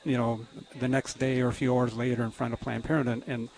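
A man talking as a radio guest in an earnest, halting way, with many restarts. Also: mid-range voice, little pitch movement, darkish tone. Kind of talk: casual radio interview.

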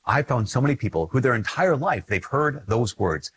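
Man, Minnesotan accent, priest, conversational faith talk, husky, dry close sound. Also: mid-range voice, sing-song, normal speed, fairly bright tone, dry recording, low-quality recording. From Minnesota, USA. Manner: earnest, conversational, repeats phrases, chuckles often. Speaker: Catholic priest. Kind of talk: casual spoken teaching on faith.

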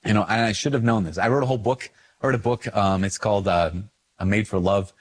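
A man, a priest, talking casually in a video, animated and self-mocking, rambling with fillers. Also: on the low side, quick pace. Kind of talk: casual video talk to camera.

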